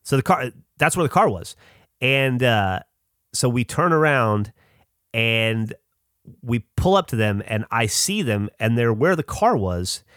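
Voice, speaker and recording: A man's voice: mid-range voice, animated, unhurried, a bit bright, dry recording, studio quality. A man casually telling a long, rambling story as a podcast host, with lots of swearing and restarts.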